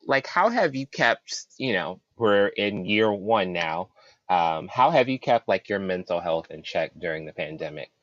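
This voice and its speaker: A man's voice: sits low, no room sound, muffled recording. A man interviewing a guest, asking questions and offering short supportive affirmations.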